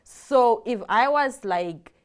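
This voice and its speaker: A woman's voice: a little high, slow pace. A woman from Namibia with a Namibian accent, co-hosting a morning TV show in casual chat. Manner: animated, chatty.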